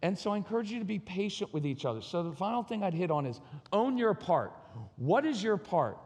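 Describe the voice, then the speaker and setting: This man's high, darkish voice moves briskly and swings widely in pitch as he addresses a conference on marriage and parenting. Candid throughout, he acts out snippets of conversation, and the hall's long reverb lingers behind him.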